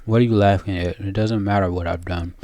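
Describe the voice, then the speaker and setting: A guilt-ridden young demoness, earnest and pleading, read by a man playing through a video game. The tone is deep and warm, and the sound is dry and close. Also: fairly even intonation, brisk, no echo. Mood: desperate. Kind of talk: reading game dialogue aloud.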